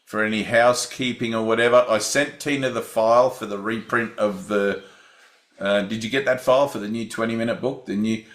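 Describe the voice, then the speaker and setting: A man leading a spiritual group session over a video call, speaking gently with short encouraging affirmations. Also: lowish voice, fairly even intonation, fairly quick, reverberant.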